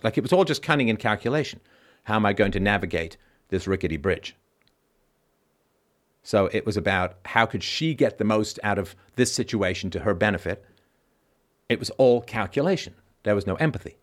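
In a fairly low voice with lively intonation and moderate pace, a man hosts a call-in show. His philosophical monologue is emphatic, with key lines repeated, and he briefly impersonates people's reactions mockingly.

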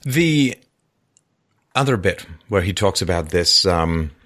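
This is a man hosting a loose, talky book discussion who wanders through his thoughts with restarts and fillers. His voice is bright and forceful, and he grows animated as he goes. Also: low-pitched, takes it slowly. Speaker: podcast host. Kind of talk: casual literary discussion.

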